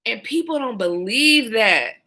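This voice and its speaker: A former 911 dispatcher telling stories from the job in a casual, animated way, often breaking into laughter. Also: female voice, on the high side, a little slow. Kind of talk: casual storytelling vlog.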